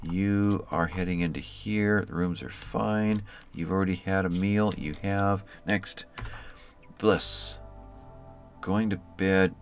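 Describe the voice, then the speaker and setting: A man casually commenting on his colony game as he plays, talking to the colonists by name in an easygoing way. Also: deep voice. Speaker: let's play host.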